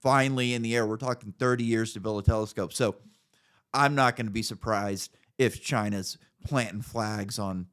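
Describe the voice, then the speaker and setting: A man's voice: lowish voice, moderate pace, a bit bright. A man in his thirties co-hosting a casual podcast, ranting with plenty of profanity and a mocking edge. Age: 30s. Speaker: podcast co-host.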